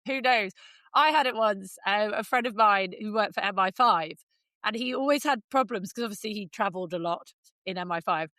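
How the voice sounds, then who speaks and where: A woman's voice: mid-range voice, bright, forceful tone, no room sound. A middle-aged woman co-hosting a podcast, teasing her co-host and telling anecdotes in casual chat. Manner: teasing, quick with a joke.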